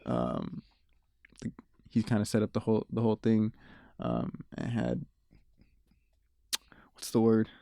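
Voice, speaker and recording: Laid-back young man, smooth dry voice. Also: on the low side, sing-song, measured pace, long pauses, dark tone, no echo. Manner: laid-back storyteller, laughs and swears often. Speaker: musician guest. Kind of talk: casual interview chat.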